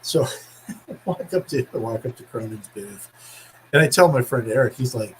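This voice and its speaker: A man's voice: moderate pace, long pauses, a little hiss or hum, rough recording. A middle-aged man chatting casually on a podcast, acting out other people's voices as he tells a story and laughing often. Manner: animated storyteller, acts out quoted voices with big pitch jumps, laughs often. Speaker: podcast co-host.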